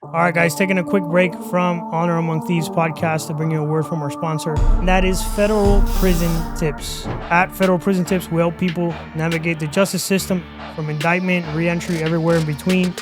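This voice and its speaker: A male podcast host reads a sponsor spot, his voice set a bit high and held to a flat, even pitch. Music plays clearly underneath him. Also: a little fast, hardly any pauses. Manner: upbeat, steady pitch. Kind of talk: reading a sponsor ad.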